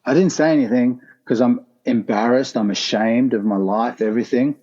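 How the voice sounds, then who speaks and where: Earnest man, dark muffled voice. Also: medium pitch, moderate pace. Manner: earnest, intense, casual slang. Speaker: podcast guest, former pro skateboarder. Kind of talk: emotional personal storytelling. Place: his art gallery, remote call.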